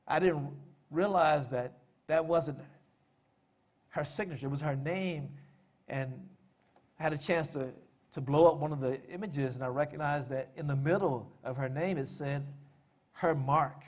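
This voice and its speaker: A man presents to an audience in a relaxed, conversational way. His voice sits a little high, and his talk is full of small "uh" fillers and dry jokes at his own expense. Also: a little slow. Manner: conversational with frequent "uh" fillers and dry self-deprecating humor. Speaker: speaker presenting family history and poetry. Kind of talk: public talk.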